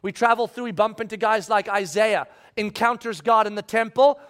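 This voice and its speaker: A man preaching a sermon, acting out Bible voices and swinging from loud pleas to hushed, near-whispered lines. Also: high-pitched, normal speed. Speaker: pastor.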